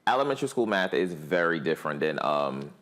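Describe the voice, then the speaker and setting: A man's voice: rumbling low, big pitch swings, fairly quick, fairly bright tone. A man who teaches math, explaining plainly and earnestly as a guest on a talk panel.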